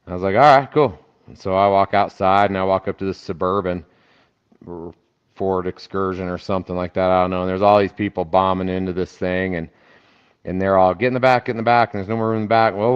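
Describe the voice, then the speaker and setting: A man telling a lively anecdote as a podcast guest, acting out the people in his story. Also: low-pitched, smooth, dull audio. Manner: animated anecdote teller who acts out quoted voices. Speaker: podcast guest, festival founder. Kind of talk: casual storytelling.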